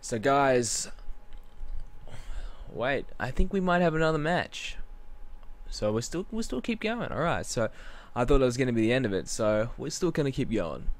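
A man's voice: mid-range voice, very animated, moderate pace. A man giving casual, rambling commentary while playing a wrestling video game, often interrupting himself. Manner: rambling, chatty, self-interrupting. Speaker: gaming channel host.

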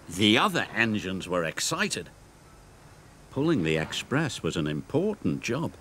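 Animated storybook narrator, man. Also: on the low side, unhurried, slight background noise. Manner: animated, storyteller's sing-song.

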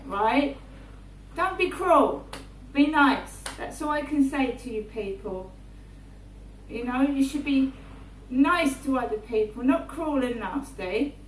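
A woman, rambling through a personal monologue in her flat and often checking in with "right?". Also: high voice, measured pace. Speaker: vlogger. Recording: roomy, distant mic, faint hum.

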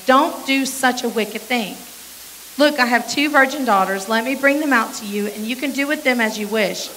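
A woman pastor reads scripture aloud in a sermon, stopping now and then to explain a point to her listeners. Her voice sits a little high and sounds bright and forward. A faint hiss runs under the recording. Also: low-quality recording. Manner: reads scripture aloud with brief asides to the congregation.

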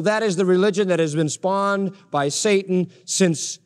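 A male pastor with a high voice delivers an emphatic sermon at a measured pace, barely pausing, with a long reverb tail behind him. He drives his points home through repeated parallel phrases.

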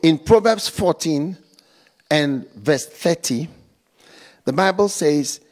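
A man preaching a slow, emphatic sermon in church, stopping often for call-outs to the congregation. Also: fairly high pitch, expressive, darkish tone. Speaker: pastor.

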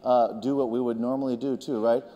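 Gentle vocal coach in a big hall. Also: male voice, medium pitch, little pitch movement, fairly quick. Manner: gentle, encouraging, demonstrates sounds by singing. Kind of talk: leading group vocal warm-ups. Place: large hall with a group of singers. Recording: reverberant hall, faint room hum.

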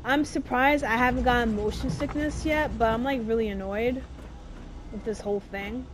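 A woman's voice: fairly high pitch, moderate pace, background noise. A woman giving casual gameplay commentary, exasperated and swearing, with slangy talk. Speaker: gaming streamer.

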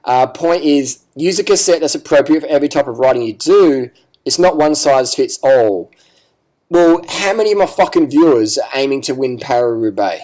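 A man's voice: mid-range voice, lively intonation, normal speed, a little mellow. A man giving ranting vlog commentary, profane, sarcastic and combative. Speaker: cycling vlogger.

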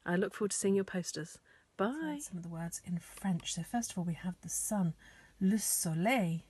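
A woman teaching young children in a slow, encouraging way that often drops to a whisper. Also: fairly low pitch, animated, warm tone, husky. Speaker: primary school teacher.

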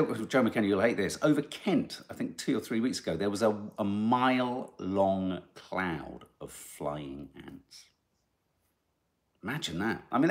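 A middle-aged man hosting a podcast, reading out listener comments and telling rambling, animated stories. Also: medium pitch. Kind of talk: casual chat.

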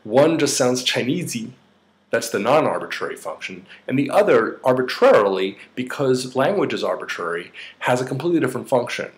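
A man's voice: medium pitch, big pitch swings, a little fast. A middle-aged man with a slight New York accent, explaining ideas in a casual lecture with frequent fillers and restarts. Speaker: psychotherapist teaching a course.

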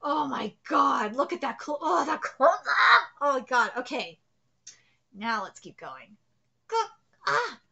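Reacting live to manga, this woman talks in a high, bright, gravelly voice with a sing-song lilt, taking her time. She pours out exclamations and swears freely. The audio sounds dull.

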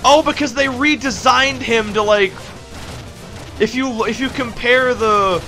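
A man giving casual gameplay commentary as a let's play host, excitable and laughing often, breaking off mid-sentence. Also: very high-pitched, unhurried, soft background music.

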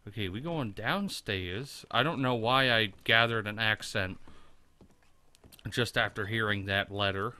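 Slow-talking, swearing gameplay host. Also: male voice, fairly low pitch, sharp tone. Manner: profane, rambling, thinking aloud. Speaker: let's play host. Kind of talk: casual gameplay commentary.

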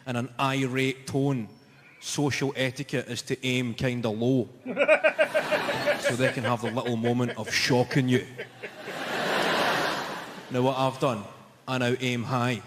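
A man's voice: mid-range voice, lively intonation, slow, pauses often. A Scottish man performing stand-up comedy on a large theatre stage, wry and punchy as he tells stories. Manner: wry, storytelling, punchy delivery. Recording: echoey hall, heavy noise.

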